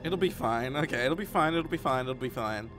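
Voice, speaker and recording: A streamer giving live commentary on a horror game, jumpy and swearing, muttering low between shouted refusals. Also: animated, a little fast, faint music behind.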